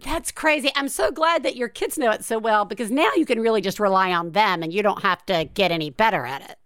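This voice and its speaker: A woman's voice: mid-range voice, a little fast, a bit bright, no room sound. A woman hosting a podcast, chatting casually with an enthusiastic, giggly manner on a close mic. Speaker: podcast host.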